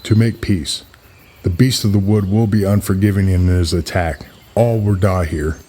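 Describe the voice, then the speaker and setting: A man's voice: sits low, fairly even intonation, moderate pace, mellow. A man voicing a grieving dignified queen. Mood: resigned. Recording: clear music behind the voice.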